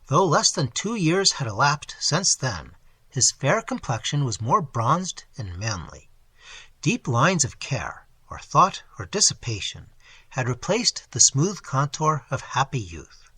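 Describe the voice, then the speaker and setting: A male audiobook reader narrates in a measured, expressive way, his pitch rising and falling widely. His voice is bright and somewhat husky, and it sits close and dry on the mic. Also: no room sound. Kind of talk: scripted narration.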